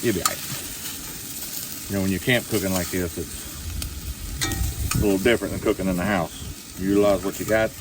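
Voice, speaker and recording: A man's voice: low-pitched, fairly even intonation, normal speed, long pauses. A middle-aged man with a Southern US accent chatting folksily to a nearby camera as he cooks at a winter campsite, with outdoor noise and a sizzling pan. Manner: folksy, chatty, talks while cooking. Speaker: outdoor vlogger. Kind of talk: casual cooking chat to camera. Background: outdoor ambience and frying food.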